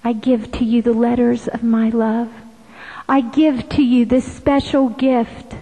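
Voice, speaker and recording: A woman giving a slow devotional address, often slipping into hushed whispers. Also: a little high, little pitch movement, in a large hall, rough recording. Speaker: visionary sharing devotional messages.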